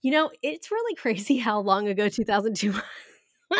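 A woman's voice: mid-range voice, very animated, moderate pace, fairly bright tone, no room sound, studio quality. A woman in her thirties chatting casually as a podcast co-host, giggly and full of fillers. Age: 30s. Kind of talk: casual chat.

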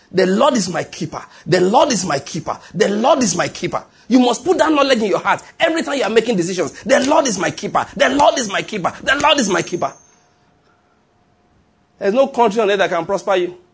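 Pastor preaching, husky voice. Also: male voice, high voice. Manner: preaching with repetition and chuckles. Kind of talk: sermon.

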